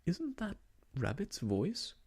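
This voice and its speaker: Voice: mid-range voice, wildly swooping pitch, darkish tone, slightly rough, pitched above the performer's own voice, exaggerated voice. Pooh, a reader doing a humming bear. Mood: puzzled. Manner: hums, slow and simple-minded. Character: cheerful greedy bear, male, simple. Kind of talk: whispered role-play.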